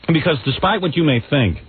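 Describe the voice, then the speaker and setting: A man's voice: fairly high pitch, breathy edge, dry recording. A man in his forties hosting a radio talk show, blunt and mocking, stammering through restarts. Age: 40s. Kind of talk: casual radio chat. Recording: tinny narrow radio broadcast.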